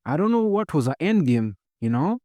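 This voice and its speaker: A man's voice: a little high, very animated, normal speed, dry recording. Slangy young man reacting to a clip. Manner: slangy, addresses the audience as ladies and gentlemen. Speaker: reaction host. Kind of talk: casual reaction commentary.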